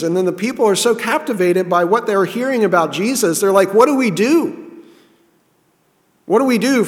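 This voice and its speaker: A man's voice: sits high, long reverb tail. A man preaching a sermon in an earnest, repeating way, often restarting his sentences. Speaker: pastor.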